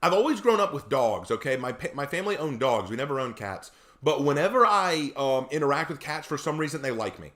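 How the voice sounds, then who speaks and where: A man's voice: fairly high pitch, very animated, brisk, few pauses, a bit bright. A man chatting casually on a live stream, reading viewer comments aloud and telling laid-back stories.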